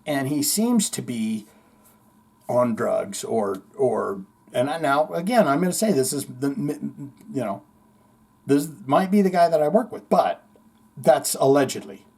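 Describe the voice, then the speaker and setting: A man hosting a podcast, telling a long story in a rambling, animated way, full of swearing and acted-out quotes. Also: medium pitch, husky. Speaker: podcast host. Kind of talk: casual storytelling monologue.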